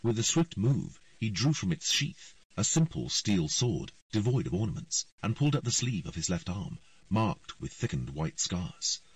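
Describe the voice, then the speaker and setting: A man narrating an audiobook in an expressive storytelling style. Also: lowish voice, normal speed, no echo, far from the mic. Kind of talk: scripted narration.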